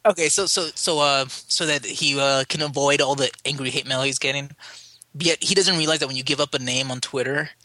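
A man co-hosting a casual podcast, telling a story with animated retelling and quoted voices. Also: medium pitch, fairly quick, a little hiss or hum. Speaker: podcast co-host.

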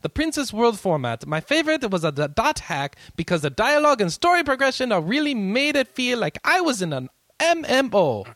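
A man's voice: medium pitch, animated, fast talker, hardly any pauses, fairly bright tone, dry recording, studio quality, lightly acted. A man reading out a male listener's question in an exaggerated mock Italian accent. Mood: hammy. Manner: over-the-top, self-mocking.

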